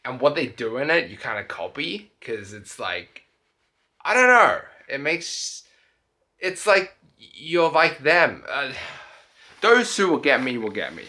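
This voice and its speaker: A man's voice: mid-range voice, big pitch swings, measured pace, sharp tone. A young man, tipsy and tired, rambling through a casual late-night travel vlog and often breaking off and restarting. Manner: rambling, self-interrupting, loose speech. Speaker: travel vlogger.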